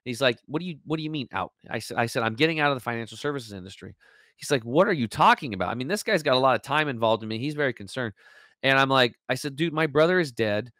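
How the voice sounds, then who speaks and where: A man's voice: medium pitch, fast talker, sharp tone, dry recording. A man talking as an interview guest over a video call, his voice dry and close. He tells his story with feeling, acting out what people said and leaning on fillers and restarts. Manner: emotional storytelling, acts out quoted dialogue, filler-heavy.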